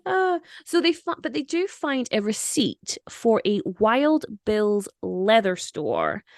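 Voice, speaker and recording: A woman hosting a casual podcast chat who laughs easily and answers with quick affirmations. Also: a little high, sing-song. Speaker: podcast host.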